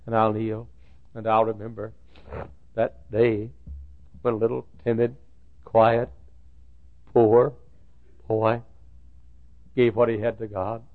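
A man's voice: on the low side, flat delivery, slow, long pauses. A pastor preaching a sermon, telling stories and repeating phrases as he builds to emphatic peaks. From Dallas, Texas. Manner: storytelling, repetitive, rising to emphatic peaks. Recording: tinny lo-fi old sermon tape.

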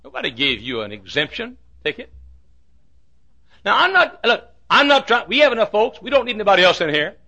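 A man preaching a fiery sermon, swinging from shouts to hushed asides. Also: high voice, very animated, fairly quick. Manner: fiery preaching with sudden shouts and drops to quiet. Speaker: pastor.

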